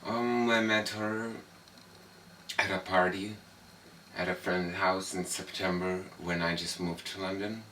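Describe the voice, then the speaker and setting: A man answering interview questions in a hesitant, halting way. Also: low-pitched, flat delivery, sharp tone. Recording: far from mic, faint noise.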